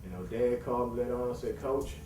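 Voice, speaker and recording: A man who coaches youth basketball, telling a long story in a casual, animated way and acting out the voices of the people in it. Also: medium pitch, racing, background noise. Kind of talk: storytelling interview. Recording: echoey room, slightly distant mic, music behind.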